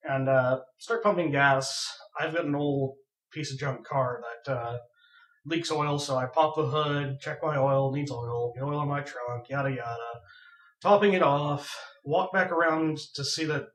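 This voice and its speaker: A young man casually telling a funny story on a podcast, animated and laughing as he goes. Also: medium pitch. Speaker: podcast co-host. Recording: echoey room, far from mic.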